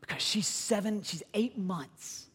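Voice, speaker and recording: A man, preaching a sermon with emphatic, animated delivery and acted-out quotes. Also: sits high, unhurried, breathy edge. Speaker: pastor.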